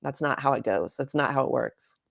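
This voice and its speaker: A woman's voice: a bass voice, a little fast, gravelly, no room sound, studio quality. A woman in her forties, a guest coach, talking earnestly and emphatically on a podcast, often repeating her points. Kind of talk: casual podcast talk.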